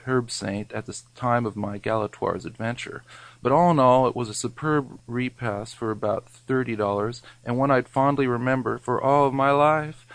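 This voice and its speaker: A man's voice: medium pitch, no echo, poor audio. A man reading a scripted, wry food memoir, his wording mock-grand. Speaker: narrator.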